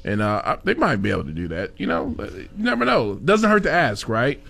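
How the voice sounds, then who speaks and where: A man's voice: mid-range voice, huge pitch swings, fairly quick, vocal fry, fairly bright tone. A man hosting a casual talk show, reading a sponsor spot and rambling with lots of fillers and chuckles. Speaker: show host. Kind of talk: casual chat with a sponsor read.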